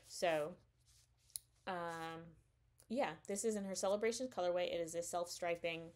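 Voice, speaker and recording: A woman hosting a knitting podcast, chatting casually and enthusiastically, rambling a bit with fillers as she shows her purchases. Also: lowish voice. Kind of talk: casual show-and-tell chat.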